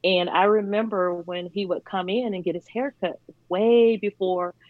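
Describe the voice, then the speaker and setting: A woman's voice: mid-range voice, fairly even intonation, moderate pace, no echo, narrow, tinny audio. A woman guest telling her story in a casual interview, laughing often and using many fillers. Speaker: charity founder, guest.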